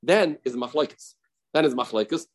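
A man's voice: medium pitch, a little slow, rough recording. A man teaching a daily Talmud lesson, explaining the text, acting out its cases and repeating key phrases for emphasis.

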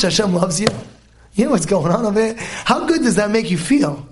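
A man with a very high-pitched voice delivers a live Torah lecture. He repeats phrases for emphasis and exclaims often. His delivery swings between hushed passages and shouted stresses. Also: animated, fairly quick. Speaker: Torah teacher.

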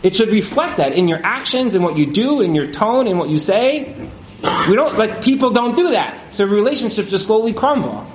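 A man speaking as a marriage counselor in a casual interview, animated, with many fillers, and acting out the couples he quotes. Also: high-pitched, normal speed, reverberant, a little hiss or hum, rough recording.

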